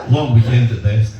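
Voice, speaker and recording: A Scottish man doing a crude, self-deprecating stand-up set in a comedy club, bantering with the crowd. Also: high-pitched. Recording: echoey club from far off, loud noise.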